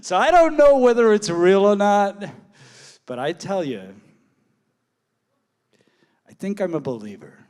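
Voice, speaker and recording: A man's voice: high voice, measured pace, pauses often, clear, resonant tone. A man telling a personal story on stage, acting out quoted dialogue and laughing as he goes. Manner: animated, acts out quoted dialogue, laughs often.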